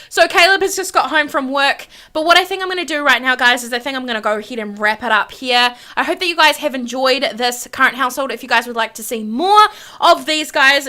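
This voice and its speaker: A young woman giving casual, gushing let's-play commentary to her viewers. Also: a little high. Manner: gushing, excitable, chatty to viewers. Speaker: gaming YouTuber.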